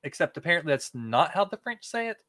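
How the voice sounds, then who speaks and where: A man co-hosting a podcast in easy chat, his voice sitting a little high. He talks with animated energy and laughs often. The sound is dry and close, with no room around it. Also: fast talker, no room sound. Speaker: podcast co-host. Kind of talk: casual chat.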